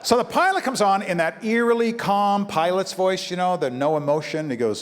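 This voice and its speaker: Brooklyn comedian telling stories in a big hall. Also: male voice, high voice, normal speed, few pauses. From Brooklyn, New York. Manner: animated storytelling with acted-out voices. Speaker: comedian and motivational speaker. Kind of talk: stand-up comedy talk to an audience. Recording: live hall with long reverb, faint ambience.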